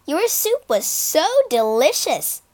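A woman voicing a vengeful, sharp female stork in a storybook, sulky and scheming. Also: high-pitched, big pitch swings, slow, exaggerated voice.

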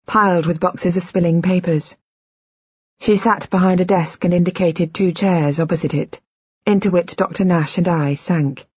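A poised older female doctor with a polite, gently formal manner, as a woman narrator puts her on. The voice is low and husky, recorded dry and slightly dull. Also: dry recording.

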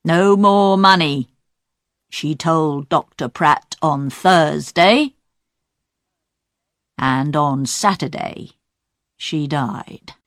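A woman's voice: low-pitched, no echo, studio quality, full character voice. A woman reading a stern, methodical inspector. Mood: accusing. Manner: deliberate, accusing. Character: calm methodical male police inspector.

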